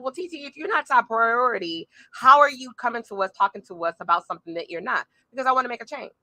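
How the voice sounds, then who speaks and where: A middle-aged woman hosting a live-streamed motivational talk from a small room at home, animated and speaking straight to her audience with frequent asides. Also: medium pitch, no echo. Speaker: podcast host. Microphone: phone or camera on a tripod.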